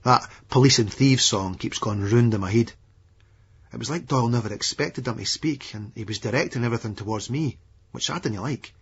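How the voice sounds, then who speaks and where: A man's voice: medium pitch, fairly quick, husky. A man with an Edinburgh Scottish accent, narrating a gritty audiobook in a blunt, foul-mouthed first-person way. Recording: dull lo-fi remastered audiobook recording.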